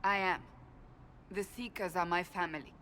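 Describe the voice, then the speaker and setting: A woman's voice: on the low side, steady tone, moderate pace, pushed and bright, a little hiss or hum. An actress voicing a grim, resolute woman warrior in a video game, speaking in a firm, clipped and serious way. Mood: grave. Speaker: game character.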